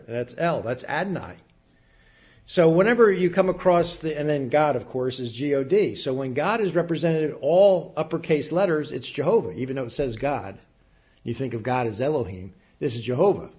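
Man teaching a sermon, lo-fi recording. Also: fairly high pitch. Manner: expository Bible teaching, rising emphatic bursts and dropping to quiet asides. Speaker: preacher.

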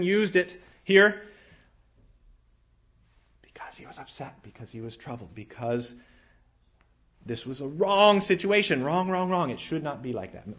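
A man preaching a sermon in an earnest manner, rising to emphatic lines and dropping to quiet, low passages, often restarting his phrases. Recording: dull lo-fi sound.

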